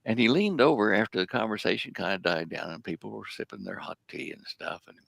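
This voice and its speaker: Older man with a gravelly low voice. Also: a little fast, a bit bright, dry recording. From United States. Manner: rambling anecdotes full of hesitations. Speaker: guest. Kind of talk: casual storytelling in an interview.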